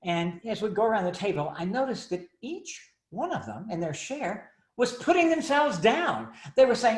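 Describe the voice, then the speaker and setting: With an extremely high voice at a moderate pace, an older man from Texas shares funny anecdotes, animatedly performing the voices of the characters. He speaks and writes on caregiving, and the audio has a roomy sound.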